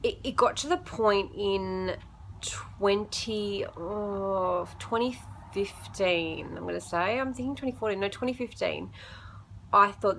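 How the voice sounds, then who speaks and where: A woman's voice: mid-range voice, a little slow, bright, forceful tone, slight background noise. Woman, personal vlog, camera mic at home, emotional, rambling restarts. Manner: chatty, emotional, jumps between thoughts with restarts. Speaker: vlogger.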